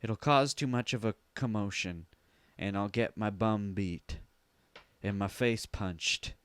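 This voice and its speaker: A man's voice: lowish voice, slow, fairly bright tone, smooth, no echo, pitched below the performer's own voice. A man voicing an anxious middle-aged mother who pleads with her son to let things go. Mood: pleading.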